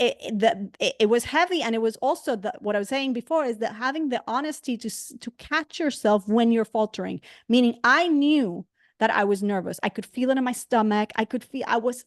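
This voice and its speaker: A woman teaching a faith class, telling a personal story in an earnest, animated way with many restarts. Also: on the high side, no room sound, studio quality.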